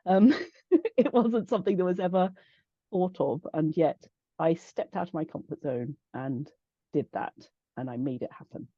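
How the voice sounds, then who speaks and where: A woman's voice: on the low side, moderate pace, breathy edge, no echo, dull audio. A woman from England with an English accent, a podcast guest chatting casually and laughing often. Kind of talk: casual chat.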